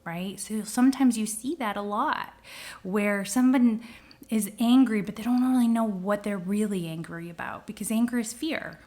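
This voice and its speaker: A middle-aged woman astrologer giving a casual spoken forecast, lively, now and then dropping into whispers to act out feelings. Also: medium pitch, normal speed. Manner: animated, acts out quoted feelings with sudden whispers.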